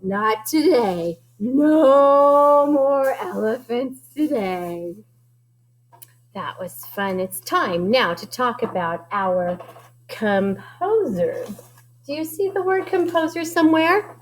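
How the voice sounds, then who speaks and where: A woman music teacher leading young children, sing-song and animated, singing lines for them to echo in her classroom. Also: high voice, slow pace, slight background noise.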